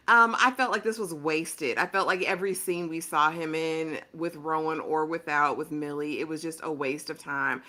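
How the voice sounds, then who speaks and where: A woman panelist giving an articulate, measured critique in a casual TV review discussion. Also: low-pitched, steady tone, bright, forceful tone.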